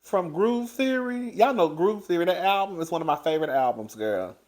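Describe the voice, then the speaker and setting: A man giving a casual recap of a reality show, loud and animated, laughing often and chatting straight to his listeners. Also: sits high, moderate pace. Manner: chatty, addresses listeners as girl. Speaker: TV show reviewer.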